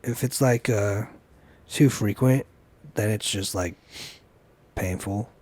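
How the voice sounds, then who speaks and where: A man's voice: on the low side, slow pace, a little mellow. A man co-hosting a casual chat podcast, joking and swearing in loose banter. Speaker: podcast co-host.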